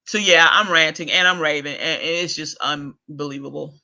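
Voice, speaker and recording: A man's voice: fairly high pitch, steady tone, moderate pace, pushed and bright. A man hosting a video rant, profane and exasperated, with chuckles between lines. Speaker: vlog host. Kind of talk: ranting monologue.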